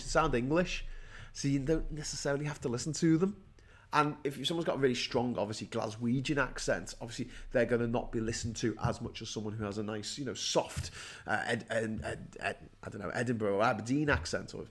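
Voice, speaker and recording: A man in his forties delivering an angry political rant. He is sarcastic and swears freely, with quick bursts of talk that trip over restarts and repeated words. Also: medium pitch. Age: 40s. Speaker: host. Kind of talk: ranting political commentary.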